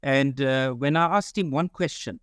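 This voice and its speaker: A man's voice: mid-range voice, normal speed, smooth, no echo, studio quality. A man giving formal closing remarks at a symposium, earnest and solemn, calling everyone comrade over a video call. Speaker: symposium speaker.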